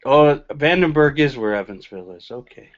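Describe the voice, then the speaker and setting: A man co-hosts a casual live stream, reading results off screen and musing out loud. His pitch sits in the middle range. The sound is dull and lo-fi. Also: lively intonation, moderate pace. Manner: reads results aloud, thinking out loud. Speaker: co-host.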